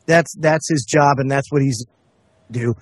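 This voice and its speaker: A man co-hosting a casual online radio talk show, talking in halting bursts with many restarts. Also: medium pitch, slightly rough, dry recording. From United States. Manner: halting, many restarts, reads letters aloud. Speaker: co-host.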